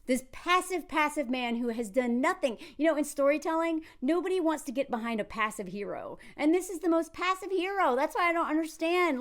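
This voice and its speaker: A woman with a high voice talks through a film in a casual commentary vlog. She is animated and sarcastic, slipping in and out of acted quotes as she goes. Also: fairly quick, few pauses.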